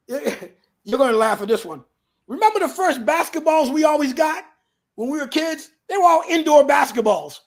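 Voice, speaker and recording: A man in his fifties, a guest on an interview show, telling stories in an animated way and often saying "you know". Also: moderate pace. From New Bedford, Massachusetts area. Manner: animated storyteller, acts out others in a lower voice, peppered with "you know". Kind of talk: casual storytelling interview.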